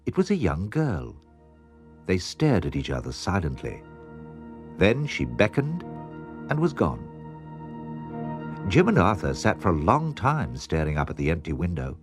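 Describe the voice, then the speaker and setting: A man narrating a children's storybook in an expressive, measured way. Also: sits low, faint music behind. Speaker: audiobook narrator.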